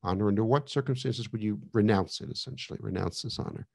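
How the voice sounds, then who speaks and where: Low, gravelly man lecturing. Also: quick pace, darkish tone. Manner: conversational with fillers and restarts. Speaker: author giving an online lecture. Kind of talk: casual lecture. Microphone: video call.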